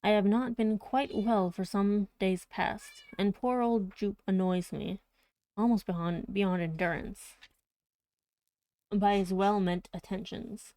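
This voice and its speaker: A woman reading out a letter from an anxious gentleman, now and then stumbling over words. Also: mid-range voice, fairly even intonation, takes it slowly, no room sound. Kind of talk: audiobook reading.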